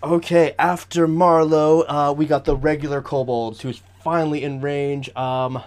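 A man's voice: on the high side, little pitch movement, a little slow, a little mellow, smooth. Chatty man running a tabletop game. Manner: chatty, laughs often, many fillers. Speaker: game master.

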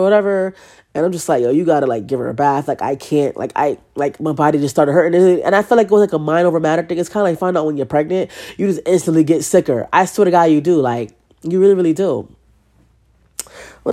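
Young woman just rambling on her podcast, lowish voice, cusses a lot, says like every other word. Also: darkish tone. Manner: loose and profane, full of "like" and "you know what I'm saying". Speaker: podcast host. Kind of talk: casual rambling chat.

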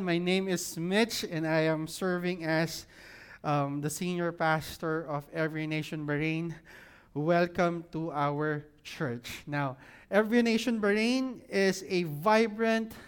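A man's voice: a little high, smooth. A man, serving as senior pastor, reads scripture, prays and preaches to his congregation. He asks the room question after question and repeats his key lines for emphasis. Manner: engages the audience with repeated questions; fervent prayer, often repeats "Lord God". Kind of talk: sermon with scripture reading and prayer. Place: church service room with an audience.

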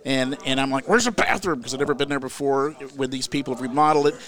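Brief: older man, comic storyteller, animated, loud bursts at the punchlines. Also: mid-range voice, racing. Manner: animated, frequent restarts, rises loud at the punchlines.

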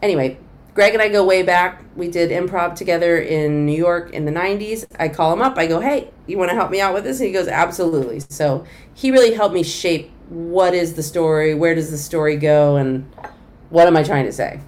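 A middle-aged woman comedian telling a long story in a conversational interview, animated and acting out the voices of the people she quotes. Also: on the low side, fairly quick.

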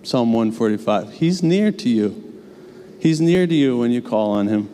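A man's voice: mid-range voice, expressive, normal speed, warm tone, slight background noise. A young adult man preaching a sermon in a church, earnest and conversational, with casual asides. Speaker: pastor. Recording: long church reverb.

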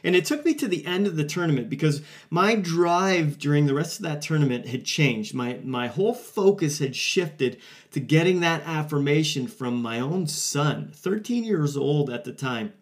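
A man's voice: a little high, lively intonation, normal speed. A man in his forties hosting a podcast, telling a personal story in an earnest, conversational way with frequent fillers and restarts. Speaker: podcast host. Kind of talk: casual solo podcast monologue.

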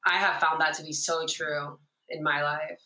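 Low bright-voiced woman host. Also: level tone, moderate pace, echoey room, poor audio. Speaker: podcast host. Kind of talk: interviewing conversationally.

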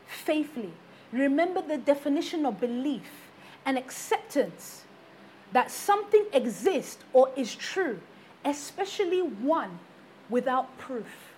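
A woman with a high, bright-pitched voice delivers an emphatic sermon as a preacher. She hammers her points home by repeating rhetorical questions to the congregation. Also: slight background noise.

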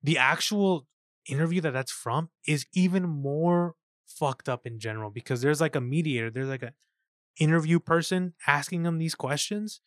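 Excited man gushing over a film. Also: fairly high pitch, normal speed, no room sound, studio quality. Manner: excited, profane, acts out quotes from scenes. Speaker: podcast co-host. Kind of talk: casual film review chat.

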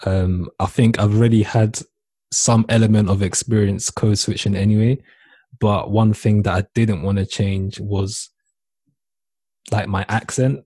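A man speaking in a measured, deliberate way in a casual chat. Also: on the low side, steady tone, mellow, breathy edge, no echo.

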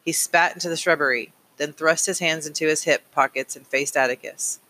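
A man narrating a novel aloud in a measured, plain storytelling manner. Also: on the high side, steady tone, sharp tone, rough recording. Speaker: audiobook reader. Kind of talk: audiobook narration.

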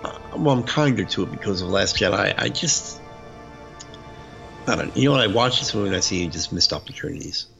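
A man's voice: lowish voice, expressive, brisk, gravelly, bright, forceful tone. A man in casual chat who talks animatedly and breaks into mock voices. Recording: dull lo-fi recording with faint music.

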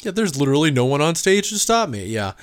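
A man co-hosting a podcast in casual chat, wry and quick to laugh. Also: on the high side, big pitch swings, no echo. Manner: wry, laughs often, loose joking tone. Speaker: podcast co-host.

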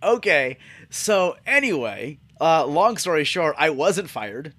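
A man's voice: on the high side, big pitch swings, slow, sharp tone, no echo. A man hosting a podcast, telling a profane, exasperated comic story about his job in a casual monologue. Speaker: podcast host.

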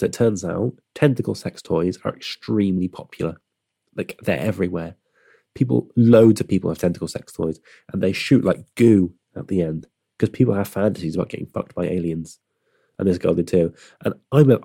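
A man's voice: deep voice, vocal fry, dark tone, husky, no echo, studio quality. A young man telling a casual story in a rambling, self-deprecating way, often restarting his sentences.

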